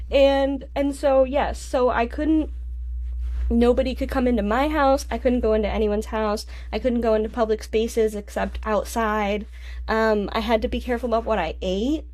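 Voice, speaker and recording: A young woman, a DJ and singer, telling a personal story in a podcast interview, halting and restarting, laughing through tears. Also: a little high, a little mellow. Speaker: guest, DJ and vocalist.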